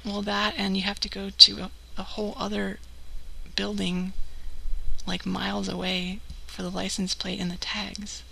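A woman's voice: mid-range voice, little pitch movement, measured pace, vocal fry, sharp tone, breathy edge, rough recording. A woman from California chatting casually on a live stream and telling an anecdote, acting out the people she quotes, with many "like" fillers. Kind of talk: casual storytelling chat.

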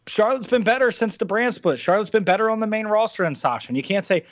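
A man's voice: high voice, lively intonation, quick pace, few pauses, dry recording. A young man from New Jersey co-hosting a casual chat, opinionated and ranting. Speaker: podcast co-host. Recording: dull, dry lo-fi recording.

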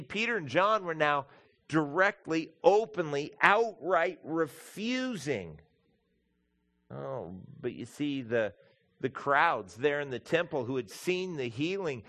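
A man's voice: mid-range voice, fairly bright tone. A man preaching a sermon as pastor, emphatic and building through lists of repeated words, addressing the congregation as folks.

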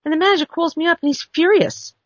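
A woman's voice: very high-pitched, quick pace, no room sound. A woman script consultant telling a story bluntly and outspokenly to an audience in a casual monologue. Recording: dull, muffled recording.

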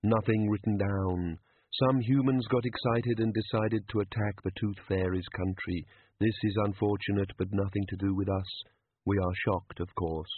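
A man voicing cold, bureaucratic cosmic beings who speak with flat caution. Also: lowish voice, moderate pace, slightly rough, no room sound. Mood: cautious. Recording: narrow phone-like sound.

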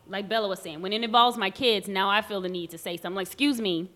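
A woman's voice: medium pitch, quick pace. A woman in casual conversation, telling stories animatedly and acting out the voices of people she quotes. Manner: animated storyteller who acts out quoted voices. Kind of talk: casual chat.

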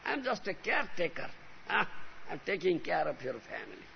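Male spiritual teacher, devotional lecture, emphatic, heavy vocal fry, lo-fi tape. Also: high-pitched, wildly swooping pitch, brisk. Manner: emphatic, repeats a questioning "huh?". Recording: lo-fi recording with faint hiss.

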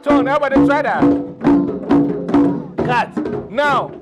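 High-voiced man leading a drum class. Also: takes it slowly, loud music behind the voice. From from abroad. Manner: energetic, coaxing, repeats cues for a group. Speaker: drumming workshop leader. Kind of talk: call-and-response teaching. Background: hand drums playing.

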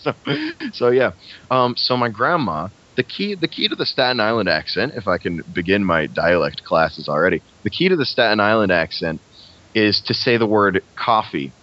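Low-voiced young man, rambling chat. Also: expressive, normal speed, bright, forceful tone. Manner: rambling, frequent restarts and laughs. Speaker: guest actor. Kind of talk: casual podcast chat. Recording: lo-fi muffled recording.

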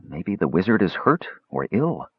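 A man's voice: low voice, sing-song, normal speed, slightly rough, dry recording, dull audio, exaggerated voice. A parched, uneasy young woman, as a man voices her. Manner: strained, uneasy. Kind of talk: audiobook character voice.

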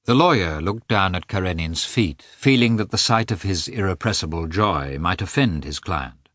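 Low-voiced expressive male narrator. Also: normal speed, no room sound, clean studio sound. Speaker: audiobook narrator. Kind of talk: scripted narration.

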